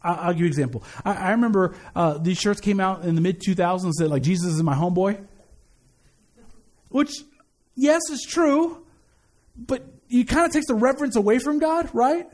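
A man's voice: sits high, animated, a little fast, darkish tone. A man giving a conversational sermon as a pastor, earnest, repeating key phrases and often restarting his sentences. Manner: frequent stammered restarts.

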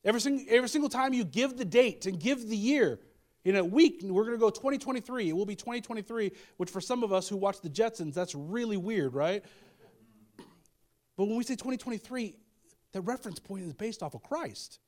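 A man with a high, light voice delivers a sermon. He talks in a loose, conversational way, repeating phrases and tossing in asides to the congregation. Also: lively intonation, a little fast, darkish tone. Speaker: pastor.

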